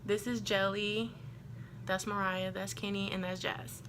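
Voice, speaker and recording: A young woman from Texas telling a storytime to her camera in a chatty, animated way, full of "like" and acted-out quotes. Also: medium pitch, a little slow, noisy background. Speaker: vlogger. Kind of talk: casual storytime.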